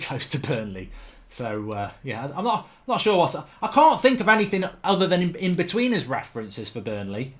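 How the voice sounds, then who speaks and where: A man commentating on his own football video game in a chatty, rambling way, erupting into loud shouts when a goal goes in. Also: medium pitch. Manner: excitable, bursts into loud shouting over goals. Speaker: gaming commentator.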